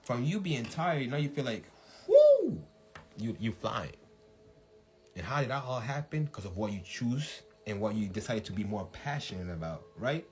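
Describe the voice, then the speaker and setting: A man hosting a casual livestream talk, animated, laughing often and shouting when he acts out hype, with faint music behind. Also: medium pitch, moderate pace. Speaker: podcast host.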